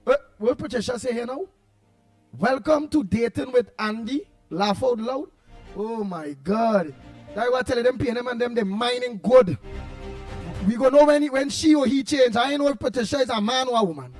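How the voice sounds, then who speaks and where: High-voiced Trinidadian man hosting. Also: normal speed, soft background music. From Trinidad and Tobago. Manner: animated, bursts into shouting. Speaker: radio talk show host. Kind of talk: call-in talk show, reading comments.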